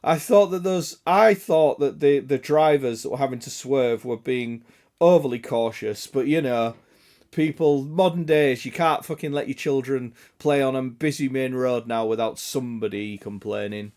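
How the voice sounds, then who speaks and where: A man with a hoarse, raspy throat from illness, chatting casually and greeting viewers on a game stream, joking and swearing. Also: mid-range voice, moderate pace, a little mellow. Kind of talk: casual live-stream chat.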